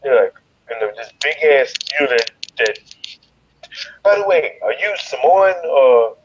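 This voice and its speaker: Chicago guy telling a rowdy story, swears a lot, goes loud for quotes, muffled line w/ a little hiss. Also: medium pitch, unhurried. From Chicago, USA. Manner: animated, profane, jumps into loud quoted voices. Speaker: guest, fighter. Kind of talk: storytelling in an interview.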